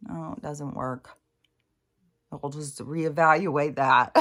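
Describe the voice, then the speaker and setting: A woman's voice: deep voice, fairly even intonation, takes it slowly, fairly bright tone. A middle-aged woman talking in a rambling, casual monologue, swearing freely, laughing often and trailing off mid-thought. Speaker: spiritual vlogger.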